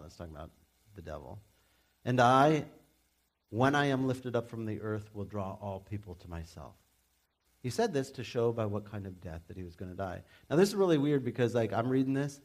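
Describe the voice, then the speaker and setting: A man preaching a sermon in a conversational, animated way, with humorous asides. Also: lowish voice. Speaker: pastor.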